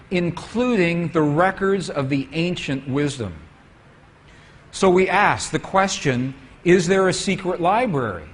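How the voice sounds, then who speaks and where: A man with a husky voice pitched a little high tells a story while lecturing from slides. He speaks unhurriedly and keeps turning to his audience with questions.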